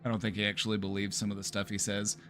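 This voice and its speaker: A man's voice: fairly low pitch, completely flat delivery, racing, fairly bright tone, soft background music. A therapist chatting casually on a livestream, playful and easygoing, often repeating his phrases and laughing. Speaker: therapist streamer.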